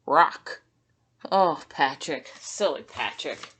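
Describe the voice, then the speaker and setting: A woman teacher with a low, slightly bright voice and lively intonation slowly reads a picture book aloud to children. She sounds sympathetic and pauses to ask them questions, with slight background noise audible.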